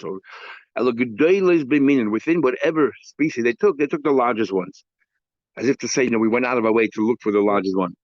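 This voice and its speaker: A man's voice: medium pitch, dry recording, dull audio. A rabbi teaching a daily Talmud class. He explains step by step, asks rhetorical questions and mixes Hebrew and Aramaic terms into his talk.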